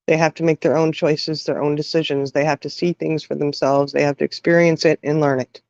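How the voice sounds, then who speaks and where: A middle-aged woman telling an emotional personal story, halting, with many restarts and fillers. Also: deep voice, little pitch movement, darkish tone, dry recording. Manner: halting, full of "you know" and restarts. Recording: dull, dry sound.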